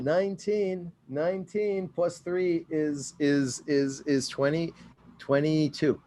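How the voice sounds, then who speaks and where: A man playing a tabletop game, joking and animated as he describes his moves and rolls. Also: a little high, takes it slowly. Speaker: player. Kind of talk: casual tabletop play.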